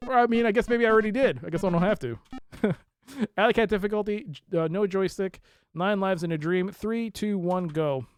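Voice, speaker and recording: A live streamer giving chatty let's play commentary, rambling with self-correcting asides and breaking into loud yelps and laughter while playing. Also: mid-range voice, brisk, smooth.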